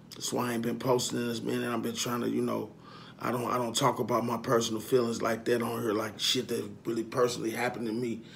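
In a casual vlog monologue to his followers, a man is emphatic and profane, repeating his points and swinging from quiet confessions to loud outbursts. His voice is medium-pitched and gravelly, and there's a little hiss or hum on the recording.

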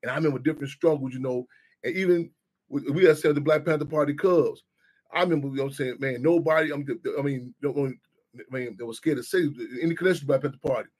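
A man's voice: medium pitch, quick pace, darkish tone, breathy edge. A middle-aged man hosting a talk radio show, rambling and repeating himself, often asking "you know what I'm saying". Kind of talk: casual talk radio discussion.

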